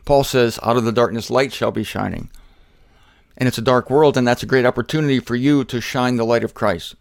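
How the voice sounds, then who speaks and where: A male preacher with a mid-pitched voice gives a loose, jokey Bible teaching, often rising into loud emphatic bursts and then dropping to quiet asides. The recording is dry and close, with no room sound around him. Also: fairly even intonation, a little fast, vocal fry, no room sound. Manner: conversational, jokey, addresses listeners directly.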